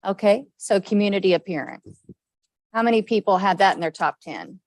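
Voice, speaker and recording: A woman facilitating a government budget meeting, brisk and encouraging, with frequent okays as she calls on each member. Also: mid-range voice, animated, a little mellow, no echo, low-quality recording. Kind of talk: leading a group discussion.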